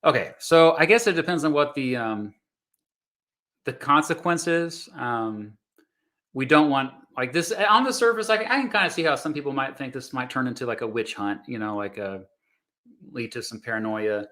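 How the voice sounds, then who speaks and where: A man in his thirties or forties, a history teacher, reacting live to videos and thinking aloud with many fillers and restarts in a relaxed, reassuring way. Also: medium pitch, normal speed.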